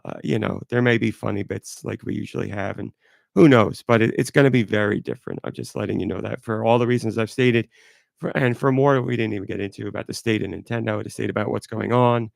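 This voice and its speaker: A sick man hosting a live podcast with a hoarse, stuffy voice, rambling and apologetic. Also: on the low side, quick pace, dry recording, studio quality. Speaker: podcast host. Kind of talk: casual live podcast chat.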